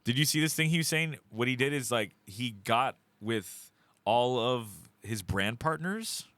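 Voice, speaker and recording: A man's voice: medium pitch, measured pace, dry recording. A man hosting a podcast, joking and chatting casually with friends. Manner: animated, joking, acts out quoted voices. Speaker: podcast host. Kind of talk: casual banter.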